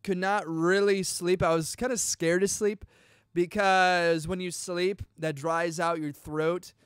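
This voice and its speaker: A young man hosting a podcast, excitedly telling a personal story in casual chat, full of dude and bro. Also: high-pitched, slow pace, clear, resonant tone, no echo, studio quality. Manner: chatty and excitable, peppers talk with dude and bro. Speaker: podcast host.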